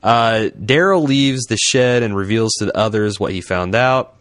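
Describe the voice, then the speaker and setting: A man's voice: lowish voice, normal speed, fairly bright tone, no echo, clean studio sound. A man co-hosting a casual podcast, joking around and reading an episode synopsis aloud. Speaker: podcast co-host.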